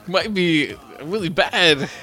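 A man's voice: sits high, slow pace, bright, forceful tone, soft background music. A man co-hosting a podcast in casual banter, with dry, understated remarks. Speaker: podcast co-host.

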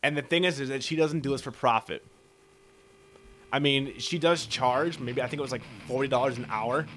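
A man's voice: medium pitch, moderate pace, fairly bright tone, a little hiss or hum. Profane, rambling podcast storyteller man. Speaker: podcast host. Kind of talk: casual storytelling.

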